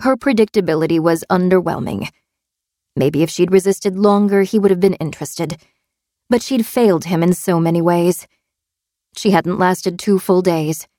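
A woman narrating a suspense audiobook in a steady, tense storytelling manner. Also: lowish voice, no room sound, studio quality.

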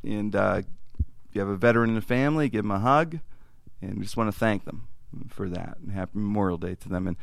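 A man hosting a podcast and telling a story in casual chat, animated and rambling. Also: fairly low pitch, fairly quick, creaky, hardly any pauses, no echo. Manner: animated, rambling, acts out voices in stories. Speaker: podcast host.

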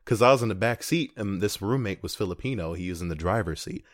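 A man from Chicago, a podcast host telling a story in casual chat, acting out quotes in a loud animated way. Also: fairly low pitch, fast talker, dry recording, studio quality.

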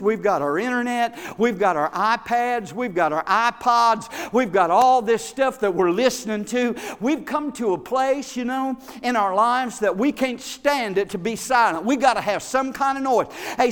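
Folksy male preacher with a high voice, storytelling that swells into shouting, in a reverberant church. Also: clean tone. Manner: builds from quiet storytelling to shouted fervor; folksy, repeats words. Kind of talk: sermon. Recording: long hall reverb.

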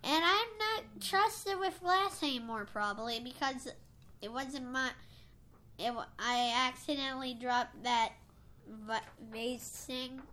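Podcast co-host, woman, high and bright, unhurried, stumbling over words. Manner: halting, with many restarts. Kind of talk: casual podcast chat.

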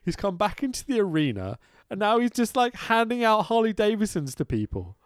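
A man's voice: sits high, sing-song, fairly quick, clear, resonant tone, no room sound, clean studio sound. A man co-hosting a casual chat, swearing freely and laughing often as he mocks what he describes. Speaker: podcast co-host.

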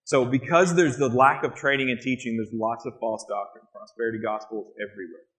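A man with a voice of ordinary pitch speaks earnestly about his missionary work. He tells animated stories to an interviewer, building up his points as he goes. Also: fairly quick, low-quality recording.

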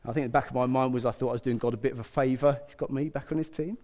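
A middle-aged man preaching a sermon in a lively, conversational way, acting out quotes with humour. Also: mid-range voice, very fast. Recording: long hall reverb.

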